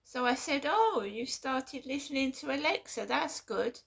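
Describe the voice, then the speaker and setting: A woman vlogging in a casual monologue, halting and repeating herself with an aggrieved tone. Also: sits high, lively intonation, gravelly.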